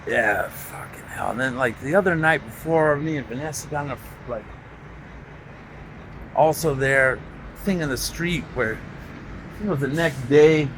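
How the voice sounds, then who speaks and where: A man's voice: a little high, a little slow, long pauses, a little hiss or hum, poor audio. Profane, rambling man vlogging outdoors. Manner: candid, profane, storytelling with reenacted quotes. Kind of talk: rambling personal vlog monologue.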